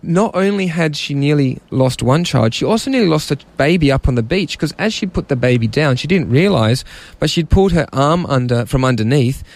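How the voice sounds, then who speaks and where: A man's voice: on the high side, lively intonation, brisk, few pauses. A young man, casually telling a story on a chat show in a rambling, self-mocking way. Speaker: podcast co-host telling a story.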